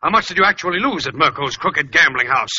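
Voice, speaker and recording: A man's voice: fairly high pitch, lively intonation, fast, sharp tone, breathy edge, full character voice. An actor playing a stern, hot-tempered older father who scolds his son, in 1940s radio acting. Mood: angry. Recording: dull lo-fi old radio recording.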